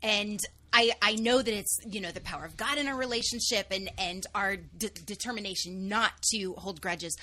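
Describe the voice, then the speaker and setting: A woman with a bright, clear voice speaks as an interview guest. She sounds upbeat and heartfelt. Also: medium pitch, moderate pace, few pauses. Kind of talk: casual interview chat.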